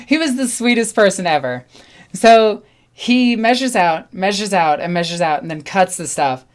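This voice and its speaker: A young woman hosting her own channel, chatting casually and telling a story, acting out other people's lines with lively energy. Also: mid-range voice, moderate pace. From New York. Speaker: channel host.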